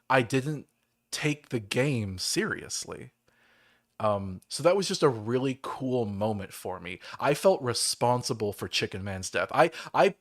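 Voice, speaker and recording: A man's voice: mid-range voice, fairly bright tone. A man hosting a livestream, rambling through a game story in casual chat with lots of fillers. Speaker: livestream host.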